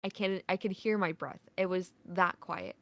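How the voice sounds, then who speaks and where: A woman's voice: fairly low pitch, steady tone, normal speed, fairly bright tone, dry recording. A woman, a podcast guest, telling a casual story in a rambling way, full of "like" fillers and swearing.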